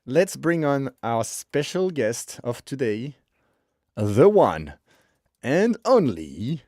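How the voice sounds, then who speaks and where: A man hosting a live podcast stream in casual chat, joking and thinking out loud while he waits for a guest. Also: mid-range voice, big pitch swings, slow, no room sound, studio quality. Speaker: podcast host.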